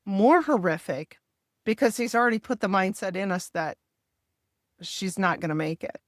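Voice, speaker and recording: A woman's voice: medium pitch, lively intonation, moderate pace, no room sound, clean studio sound. A middle-aged woman, recounting a family crisis candidly and with feeling, quoting what people said. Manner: emotional, candid retelling with quoted dialogue. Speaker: podcast host telling her story. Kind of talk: personal storytelling in a podcast interview.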